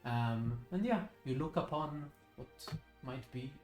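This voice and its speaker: A man's voice: medium pitch, animated, a little slow, darkish tone. Casual male game master narrating, roomy echo, light music behind. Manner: casual, with fillers and self-corrections. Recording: echoey room, faint music.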